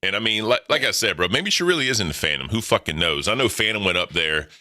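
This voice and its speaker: Brief: low-voiced male host, cussing and rambling, punchy sharp tone, dry close sound. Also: expressive, fast, no echo. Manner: profane, rambling, bantering. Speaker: podcast host. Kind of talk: casual crude commentary.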